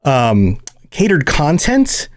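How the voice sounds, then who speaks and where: Lively American-sounding podcast host man. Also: a little high, slow, dry recording, studio quality. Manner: animated, laughs often and slips into impressions. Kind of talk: casual chat.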